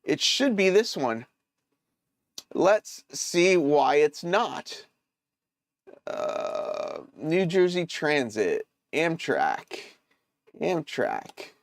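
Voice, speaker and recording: A man hosting a casual live stream, thinking aloud as he troubleshoots and answers viewers' chat with hesitant, halting phrasing. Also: fairly high pitch, very animated, gravelly, dry recording, clean studio sound. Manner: hesitant, many fillers and restarts.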